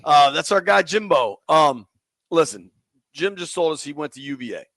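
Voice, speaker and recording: A man's voice: a little high, animated, moderate pace, fairly bright tone, no room sound. A man hosting sports talk radio, taking listener calls in a casual, slangy way.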